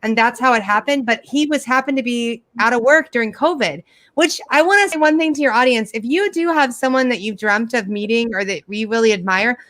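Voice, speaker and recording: A middle-aged woman doing a sarcastic stand-up comedy set over a video call, with animated storytelling and mocking impressions. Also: a little high, a little fast, no room sound.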